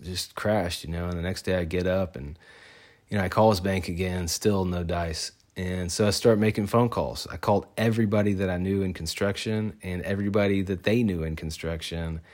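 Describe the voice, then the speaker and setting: A man's voice: sits low, darkish tone. A man casually telling a personal story, talking loosely with fillers and restarts.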